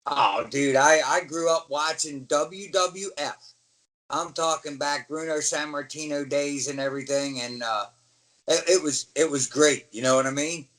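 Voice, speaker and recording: In a relaxed interview, a middle-aged American former pro wrestler recalls his career, his voice a little higher than most men's and his pace a little slow. He's an animated storyteller who often slips into the voices of the people he describes, and the recording is rough.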